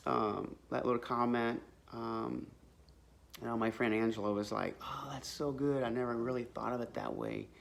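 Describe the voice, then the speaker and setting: A vlogger shares a testimony, casually telling a personal faith story full of religious language. His medium-pitched, creaky voice rambles earnestly, with plenty of fillers and restarts.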